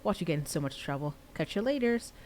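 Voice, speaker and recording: A woman's voice: deep voice, expressive, fast talker, a little hiss or hum, poor audio. A woman reading aloud, voicing a blunt, teasing teenage girl in her own story. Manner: teasing, sharp retorts. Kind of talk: reading fiction aloud on a livestream.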